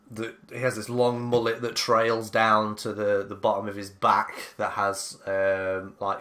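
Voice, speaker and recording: A man narrating as game master of a tabletop game, unhurried and hesitant with many fillers. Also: on the low side, fairly bright tone.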